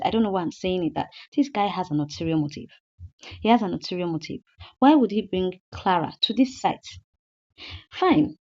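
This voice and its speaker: A woman's voice: medium pitch, a little mellow, highs cut off. A woman, casually recapping a movie episode in a chatty way, repeating points and asking rhetorical questions.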